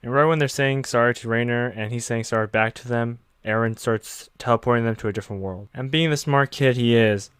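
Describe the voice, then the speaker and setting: Smooth-voiced, blunt male anime recapper. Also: medium pitch, a little fast, hardly any pauses, a bit bright, no room sound. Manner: blunt, profane and opinionated.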